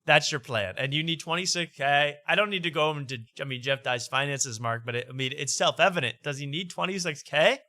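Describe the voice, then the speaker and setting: A man's voice: fairly high pitch, fairly quick, hardly any pauses, pushed and bright, no echo. A man hosting a late-night comedy talk show, reading posts aloud mockingly with laughter. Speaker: host.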